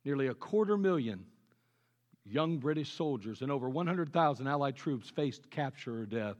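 A man preaching a sermon with earnest conviction, dropping low and quiet on his key points. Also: lively intonation, moderate pace. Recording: long reverb of a large hall.

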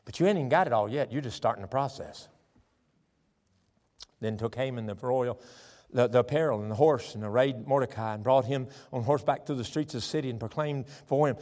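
A male pastor preaching a sermon, telling a scripture story in a lively way and reading verses aloud. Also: mid-range voice, fairly quick. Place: church sanctuary. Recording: long church hall reverb.

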